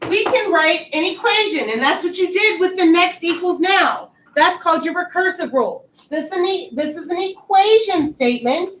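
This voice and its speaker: High-voiced teacher woman, echoey classroom. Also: animated, normal speed, hardly any pauses, a bit bright. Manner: patient, explains step by step. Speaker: math teacher. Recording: echoey classroom, far mic.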